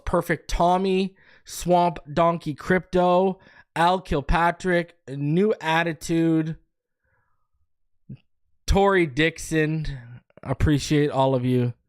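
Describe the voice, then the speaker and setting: A man hosting a sports show, chatting casually on a live stream, loose and jokey, rambling through shout-outs and a sponsor read. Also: on the high side, clean tone.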